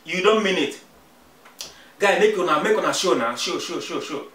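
A man's voice: sits high, lively intonation, normal speed, fairly bright tone. A man with a Nigerian accent playing a defiant, party-loving young son who talks back to his father. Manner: cheeky, defiant back-talk. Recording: echoey room, mic far off, faint music.

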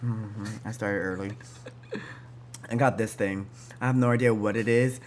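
A man's voice: lowish voice, fairly even intonation, moderate pace, a little hiss or hum. A young man as a guest on a vlog, chatting casually and cutting in with quips. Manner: joking, interrupts with quips. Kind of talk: casual chat.

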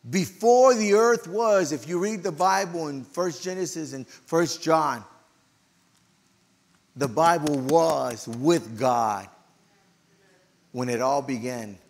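A middle-aged man preaching in a church, telling a personal story with emotional, animated delivery and loud outbursts. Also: fairly high pitch, slow, vocal fry, long pauses, long reverb tail. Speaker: pastor. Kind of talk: storytelling sermon.

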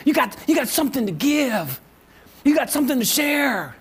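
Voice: sits high, big pitch swings, moderate pace, pitched above the performer's own voice. A preacher voicing God as a patient voice questioning and encouraging a prophet hiding in a cave. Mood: probing. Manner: gently probing questions.

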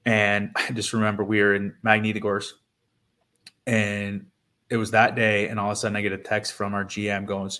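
Low, flat-voiced man telling a story. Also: fairly quick. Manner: rambling with many fillers and restarts. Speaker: guest, former pro hockey player. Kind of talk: casual storytelling interview.

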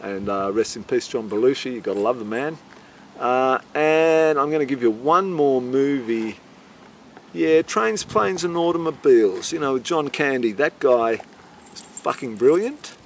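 A man's voice: mid-range voice, expressive, unhurried, slight background noise. A middle-aged man being interviewed, rambling in a boisterous, swaggering and profane way. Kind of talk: rambling casual interview talk.

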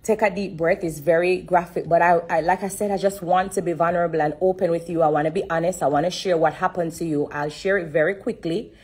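A woman giving an earnest personal testimony on a live stream, repeating herself and pausing to hold back tears. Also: fairly low pitch, husky. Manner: earnest and repetitive, stopping to steady herself. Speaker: singer sharing a personal testimony.

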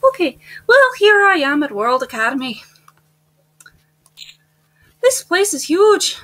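A woman voicing a nervous new girl at a boarding school in a put-on Irish accent, with an exaggerated, excitable read. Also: extremely high pitch, takes it slowly, voice pushed up, heavily acted. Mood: overwhelmed.

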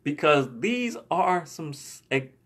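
Man preaching, gravelly, keeps repeating himself for emphasis. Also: a little high, animated, takes it slowly, fairly bright tone. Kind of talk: sermon storytelling.

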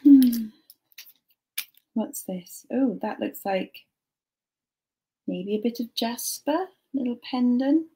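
A young woman casually chatting to a live stream while sorting jewellery, muttering soft asides to herself. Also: fairly high pitch, slow, long pauses, slight background noise.

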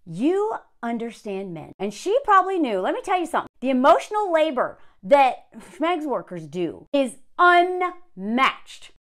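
A woman reacting to a story she reads aloud, sarcastic and easily worked up. Her voice sits high and swings widely as she talks. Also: measured pace, few pauses. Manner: sarcastic, animated, gets worked up. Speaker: video commentator.

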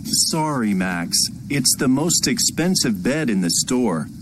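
A man playing a calm textbook dad. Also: mid-range voice, takes it slowly, noisy background. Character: dad shopping for a bed, calm. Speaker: father in a textbook dialogue.

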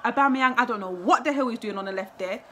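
A young woman reacts live to a football match, exclaiming and repeating herself as the game turns. Her voice sits fairly high and sounds bright. Faint noise hums underneath. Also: fast talker. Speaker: football fan vlogger.

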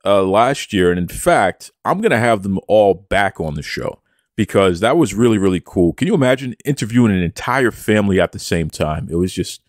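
A low-pitched man hosting a wrestling podcast, his voice swinging widely up and down as he hams it up like a wrestling promo. He talks about himself in the third person with boastful, playful swagger. The sound is close and dry. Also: very animated, moderate pace, dry recording. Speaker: podcast host. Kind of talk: casual podcast chat.

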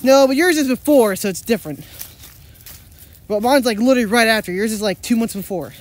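Her voice is fairly high and quick with a darkish tone. She's vlogging casually about her day in a family-vlog style, chatty and playful, talking to her pets in silly voices.

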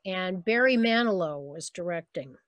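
A woman voice actress chatting on a video call, telling lively stories about her work and slipping into the voices of people she quotes. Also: on the low side, moderate pace, no echo. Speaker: voice actress guest. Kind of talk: casual interview on a video call.

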